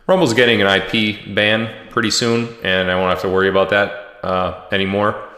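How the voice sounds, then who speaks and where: A man hosting a casual livestream at home, joking and reading viewer comments and shout-outs aloud. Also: fairly low pitch, little pitch movement, moderate pace. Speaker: livestream host. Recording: echoey room with long reverb.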